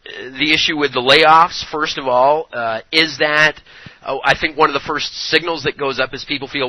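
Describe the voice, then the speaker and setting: A man's voice: medium pitch, moderate pace, pushed and bright, no room sound, rough recording. A man hosting an interview, asking long rambling questions with fillers. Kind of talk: casual interview.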